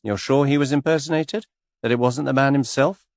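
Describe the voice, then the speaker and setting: A man voicing a cool English gentleman suspect, speaking lightly and teasingly in an unhurried way. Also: mid-range voice, creaky, no room sound, clean studio sound, voice pushed up, close to an everyday voice. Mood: amused.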